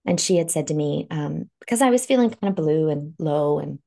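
A woman with a low, gravelly voice tells her story on a podcast. She is frank and emotional and swears without a second thought. She sounds like a life coach speaking from her own experience. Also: animated, a little fast, warm tone. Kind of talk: candid conversational podcast talk.

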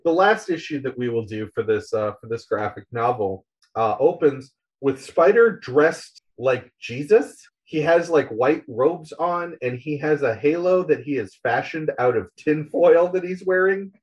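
A man's voice: on the high side, expressive, unhurried. Rambling man retelling a comic story. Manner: rambling, many fillers, acts out quotes. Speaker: podcast co-host recapping a graphic novel. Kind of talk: casual retelling with quoted voices. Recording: slightly dull, lo-fi audio.

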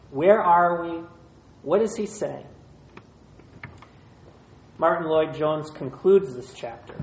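A pastor preaching a sermon in short, measured phrases, retelling a scripture passage. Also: mid-range voice. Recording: roomy echo.

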